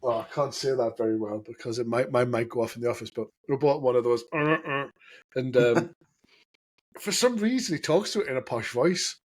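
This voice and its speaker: Husky jokey host. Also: male voice, mid-range voice, normal speed. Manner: jokey, laughs often. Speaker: podcast co-host. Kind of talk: casual chat.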